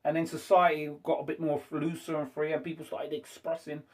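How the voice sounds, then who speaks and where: Host, casual debater, fairly high male voice, stumbling, lots of restarts. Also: level tone, a little mellow. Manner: hesitant, halting speech with many restarts.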